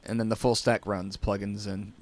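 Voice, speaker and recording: A man's voice: lowish voice, flat delivery, normal speed. A man hosting a tech podcast in casual chat, rambling and repeating words, often laughing. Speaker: podcast host.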